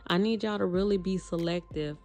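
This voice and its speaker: Low, mellow-voiced woman host. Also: brisk, soft background music. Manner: direct, addresses viewers as y'all. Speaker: commentary host. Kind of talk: casual reaction commentary.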